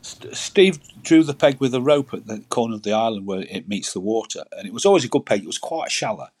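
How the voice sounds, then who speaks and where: A man's voice: fairly low pitch, animated, fast talker, darkish tone, slightly rough. A man, telling rambling stories as a guest in a casual chat, often repeating words. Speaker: guest angler.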